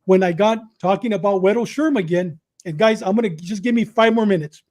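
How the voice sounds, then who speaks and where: Animated, high-voiced man telling prison stories. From Southern California. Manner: quick, repetitive retelling with acted quotes. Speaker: podcast guest telling his story. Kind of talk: animated storytelling.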